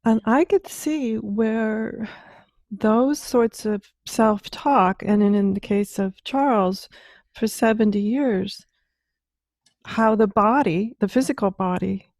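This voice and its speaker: A woman's voice: on the high side, takes it slowly, darkish tone, dry recording, studio quality. A woman hosting a podcast, reacting with breathless wows and asking long, rambling questions. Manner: effusive, exclaims wow, asks long rambling questions. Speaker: podcast host. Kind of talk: podcast interview.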